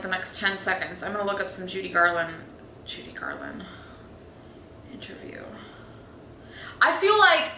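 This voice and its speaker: A woman's voice: medium pitch, bright, forceful tone, slight background noise. Exasperated woman rambling through a movie review. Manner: rambling, exasperated, many fillers and restarts. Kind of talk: casual opinionated film review. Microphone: phone. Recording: echoey room with faint ambience.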